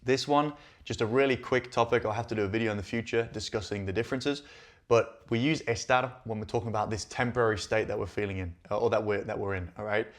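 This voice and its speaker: A man's voice: fairly low pitch, steady tone, fast. A man hosting a Spanish lesson, explaining each line and checking in with listeners often. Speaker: Spanish teacher and channel host. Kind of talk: language lesson.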